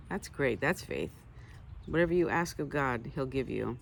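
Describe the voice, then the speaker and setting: A woman's voice: rumbling low, expressive, moderate pace, gravelly. A woman teaching from the Bible, reading passages aloud and stopping often to add conversational comments. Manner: conversational, reads scripture aloud then adds asides.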